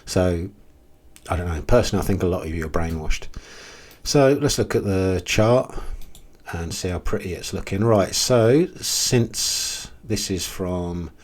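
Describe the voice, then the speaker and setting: In a casual commentary video about crypto, a man hosts with a low-pitched voice and a measured pace. He sounds blunt and exasperated, with frequent ums and restarts.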